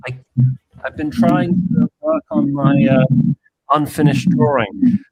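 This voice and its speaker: A man's voice: a little high, big pitch swings, takes it slowly, darkish tone, no room sound, low-quality recording. A man joining a panel call, apologetic and distracted, a little away from his mic. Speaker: panel participant. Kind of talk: casual panel chat.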